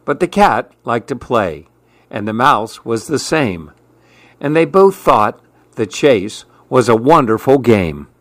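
A man reads a rhyming children's story aloud, measured and expressive, with a bouncing rhythm. He takes it slowly, and the sound is dry and close with no room echo. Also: mid-range voice. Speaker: narrator.

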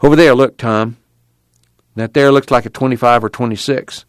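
A man voicing an eager young man who calls out excitedly while working on an old car. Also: medium pitch, moderate pace, clean tone, no echo, lightly acted.

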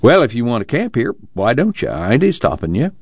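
A man voicing a menacing, suspicious bearded squatter in a high, strained, belligerent voice. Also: wildly swooping pitch, fairly quick, darkish tone, slightly rough, dry recording, exaggerated voice. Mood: grudging. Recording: dull lo-fi recording.

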